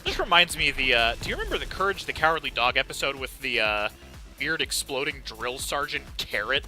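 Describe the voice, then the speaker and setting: A very bright, lively man talks through a co-op game session, his pitch leaping all over as he reacts. He gasps and exclaims at every surprise. Faint game music plays underneath. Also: brisk. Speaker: streamer playing a co-op game. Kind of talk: casual gameplay chat.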